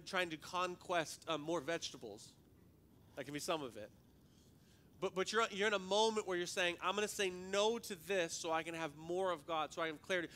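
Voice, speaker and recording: Guy pastor preaching, high bright voice, chatty and jokey, stumbles over repeated words. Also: slight background noise. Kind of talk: sermon.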